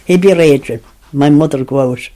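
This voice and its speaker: Older Irish woman telling lively stories. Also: deep voice, normal speed. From Tipperary, Ireland. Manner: animated, acts out quoted voices, laughs while telling. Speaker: interviewee. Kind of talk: lively storytelling reminiscence.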